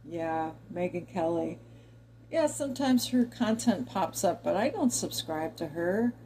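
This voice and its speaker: Chatty woman with a warm, mellow voice. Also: on the low side, expressive, unhurried, a little hiss or hum, poor audio. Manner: chatty and digressive, talks directly to viewers. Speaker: commentary vlogger. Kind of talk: opinion monologue to camera.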